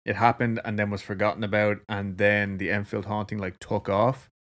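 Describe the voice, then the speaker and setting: A man's voice: on the low side, little pitch movement, moderate pace, fairly bright tone. A man co-hosting a podcast, telling a story in casual chat, laid-back and swearing freely. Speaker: podcast co-host.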